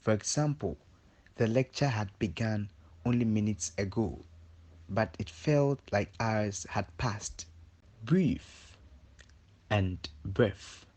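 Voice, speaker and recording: A man reading a scripted English vocabulary lesson, slow and measured, lifting his voice for each example sentence. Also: on the low side, darkish tone.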